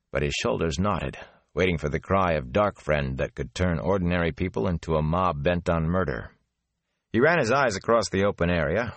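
A man narrating a fantasy audiobook in a steady, measured storytelling manner. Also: low-pitched, no echo.

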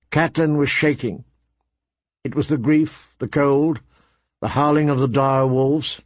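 A man narrating a story in a measured, even audiobook reading. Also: medium pitch, dry recording.

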